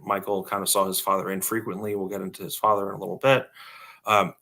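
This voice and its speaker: Bright-voiced man co-hosting a podcast. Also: lowish voice. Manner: reads aloud with frequent fillers and restarts. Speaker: podcast co-host. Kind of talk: casual podcast reading and discussion.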